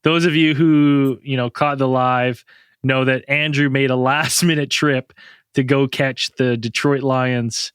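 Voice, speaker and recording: Male podcast host, laid-back and jokey, bright forward tone, dry close-mic sound. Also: mid-range voice, steady tone, unhurried, smooth, dry recording. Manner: laid-back, joking, laughs often. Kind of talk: casual chat.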